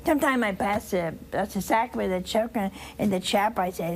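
An older woman, a nun, giving a slow, tender spiritual talk on a call-in program, dropping to a whisper on key phrases. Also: mid-range voice, a little hiss or hum. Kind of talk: spiritual teaching with phone calls.

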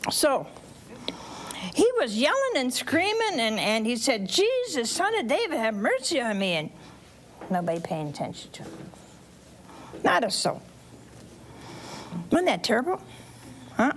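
Brief: woman preacher, fairly high voice with lots of rise and fall, chatty, keeps asking the congregation questions. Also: slight background noise. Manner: animated, chatty, quizzes the audience directly. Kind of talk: sermon with Bible storytelling.

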